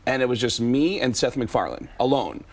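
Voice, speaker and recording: A man's voice: mid-range voice, lively intonation, a little fast, noisy background. Chatty male comedian telling stories. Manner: chatty storyteller who slips into impressions. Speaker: comedian guest. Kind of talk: casual chat.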